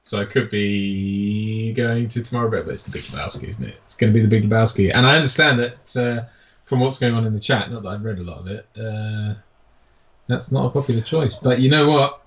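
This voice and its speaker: A man's voice: lowish voice, expressive, fast, fairly bright tone, highs cut off. A man co-hosting a casual live stream, laid-back and dry, on a lavalier mic. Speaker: co-host of a movie watch-party stream.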